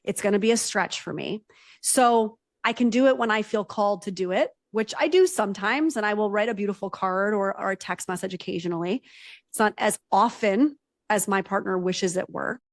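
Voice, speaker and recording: A woman's voice: mid-range voice, a little fast, dry recording. A woman psychotherapist talking as a podcast guest, direct and emphatic, often checking in with "right?". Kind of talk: podcast conversation.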